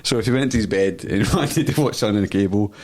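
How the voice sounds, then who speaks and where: A man's voice: on the low side, fast talker, a little mellow. A young man, a podcast co-host, telling a crude story in casual chat and laughing as he goes.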